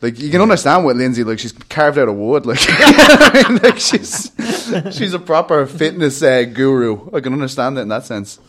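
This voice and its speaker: A man's voice: mid-range voice, sing-song, moderate pace, few pauses, fairly bright tone. A young Irish man co-hosting a podcast, chatting casually with lots of fillers and frequent laughter. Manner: rambling, laughs often, peppered with fillers. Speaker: podcast co-host.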